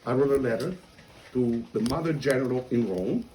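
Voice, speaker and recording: An Italian-accented priest tells a story with lively, self-mocking energy and acts out each side of the conversation. His voice sits at an ordinary middle pitch for a man. A faint hum of room ambience sits behind him. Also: normal speed, low-quality recording. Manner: animated, self-mocking storyteller who acts out quoted dialogue. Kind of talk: storytelling talk.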